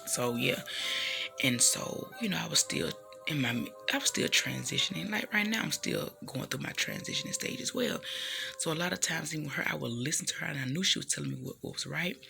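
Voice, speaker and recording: Woman, 30s, bright, gravelly voice, heartfelt testimony, soft music underneath. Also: sits low, lively intonation, fairly quick. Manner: earnest and emotional, with frequent "you know" fillers. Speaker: speaker sharing a personal testimony.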